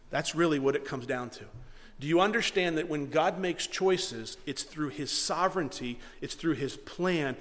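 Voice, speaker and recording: A man's voice: on the high side, normal speed, fairly bright tone, in a large hall. A man preaching a sermon as pastor, earnest and direct, sometimes acting out the voices he quotes.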